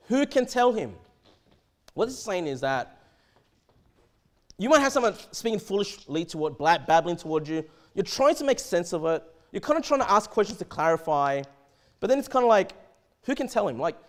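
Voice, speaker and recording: Speaking in a high voice, an Australian pastor delivers a church sermon in a chatty, animated style, frequently stumbling over words and restarting sentences.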